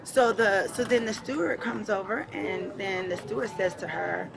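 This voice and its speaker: A woman passenger tells a police officer what happened, in an animated storytelling manner and often quoting others. She is caught on an officer's body camera at an airport gate, with a clear crowd murmuring around her. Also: medium pitch, normal speed, rough recording. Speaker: airline passenger. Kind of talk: recounting an incident to police. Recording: bodycam audio with busy crowd.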